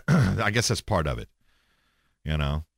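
Blunt, profane man with lively pitch. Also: slow pace, creaky, slightly rough, no room sound, studio quality. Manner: blunt and profane, rambling with restarts. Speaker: podcast host. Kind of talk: casual monologue.

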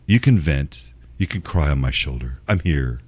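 Man doing a smarmy admirer, very low and hushed. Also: animated, moderate pace, no room sound. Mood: cooing. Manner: low, soft, oily crooning. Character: smarmy male admirer cooing at a woman.

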